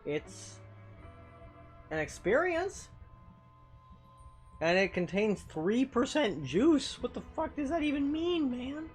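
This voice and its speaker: A man streaming a game and chatting casually, swinging between mumbling and loud, swearing exclamations. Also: very high-pitched, sing-song, slow, long pauses, soft background music.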